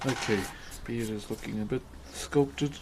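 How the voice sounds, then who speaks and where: Relaxed New Zealand man streaming as he carves, slangy and easygoing, slow delivery, light noise behind. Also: mid-range voice. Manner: laid-back, laughs often, slangy. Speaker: streamer and woodcarver. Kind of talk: casual live-stream chat while carving.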